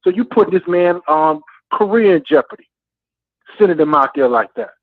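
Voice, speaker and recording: A frustrated male caller vents down a tinny phone line, his voice set high and gravelly. He talks passionately and keeps repeating "man". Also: animated, normal speed, no echo. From Florida A&M alumnus. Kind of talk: heated call-in rant.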